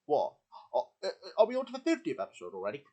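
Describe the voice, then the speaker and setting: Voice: medium pitch, wildly swooping pitch, dark tone. A performer voicing a friendly, hesitant male bear puppet in a homemade show. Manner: hesitant, slow on the uptake. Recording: slightly dull lo-fi sound.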